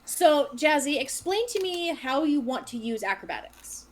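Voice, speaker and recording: Woman, dungeon master, narrating, slightly high voice, brisk. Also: big pitch swings, rough recording. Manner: brisk, directive. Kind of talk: narrating a tabletop game.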